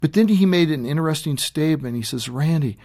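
Animated, emphatic man in a radio interview. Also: fast. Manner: animated and emphatic, rising to a high pitch on his points. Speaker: guest author.

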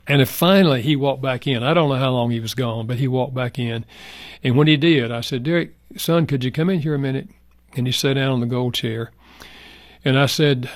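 Un homme âgé, invité d'une émission, raconte avec sincérité et douceur une histoire personnelle. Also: male voice, mid-range voice, a little fast, no room sound. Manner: earnest, soft-spoken, reflective. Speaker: guest. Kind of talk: heartfelt personal storytelling.

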